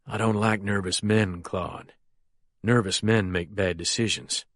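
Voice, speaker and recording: A man reading as a menacing younger male crime boss, speaking low and quietly controlled in an audiobook. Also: fairly even intonation, measured pace, dry recording, studio quality, close to an everyday voice.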